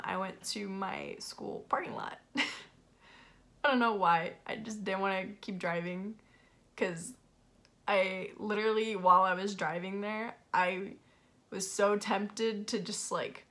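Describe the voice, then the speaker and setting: A woman's voice: medium pitch, sharp tone. A young woman casually telling a personal story in a vlog, candid and confessional, with frequent "like" fillers. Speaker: vlogger.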